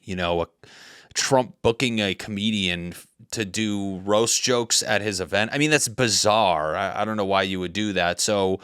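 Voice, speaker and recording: A man's voice: lowish voice, normal speed, a bit bright, clear, resonant tone, no echo, studio quality. A man in his thirties hosting a comedy podcast, ranting in a rambling, heated way with many restarts. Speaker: podcast host.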